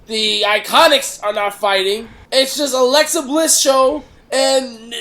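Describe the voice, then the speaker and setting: High-pitched co-host, casual podcast chat, plain matter-of-fact opinions. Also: slow, bright, forceful tone.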